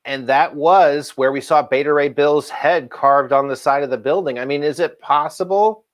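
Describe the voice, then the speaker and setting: A man's voice: fairly high pitch, moderate pace. Rambling man chatting about comics. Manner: rambling, self-correcting, laughs often. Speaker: co-host of a comic book show. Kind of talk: casual chat.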